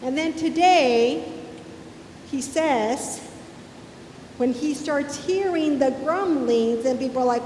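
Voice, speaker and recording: A woman pastor preaches in a church, retelling a scripture story in plain conversational words and acting out the quoted lines. Her voice sits high and she takes her time. The sound carries a long church-hall reverb over a faint low rumble. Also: takes it slowly, pauses often, darkish tone. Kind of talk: sermon. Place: church sanctuary.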